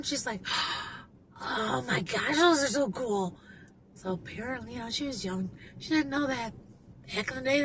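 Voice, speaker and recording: A woman in her fifties talks in a loose, rambling way, with plenty of fillers and restarts. Her voice sits high. Clear car and road noise runs behind her, as she records in her car. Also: poor audio. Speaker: vlogger. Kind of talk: casual vlog update. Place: inside a car.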